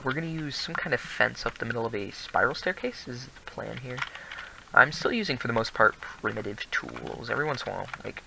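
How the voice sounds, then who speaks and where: A man's voice: medium pitch, gravelly, noisy background. A teenage boy casually commenting on his own building game, rambling and laughing at himself now and then. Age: teens. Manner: rambling, self-deprecating, laughs often. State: prone to coughing. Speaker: gaming video host.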